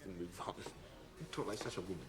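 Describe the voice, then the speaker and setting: A man's voice: low-pitched, fast, a little hiss or hum, lightly acted. A man playing a curt, bitter aristocratic husband. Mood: dismissive.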